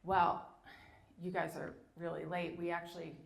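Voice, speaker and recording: A woman telling a story and quoting a kindly female airline gate agent, who sounds brisk and then kind. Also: fairly low pitch, flat delivery, vocal fry. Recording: echoey room.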